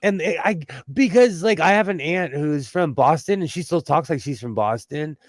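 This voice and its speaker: A man with a Southern California twang chats on his sewing livestream, telling loose stories in a fairly high voice. The sound is close and dry. He gets animated and chatty as he talks. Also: moderate pace, dry recording. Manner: chatty, animated storytelling with laughs. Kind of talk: casual livestream chat.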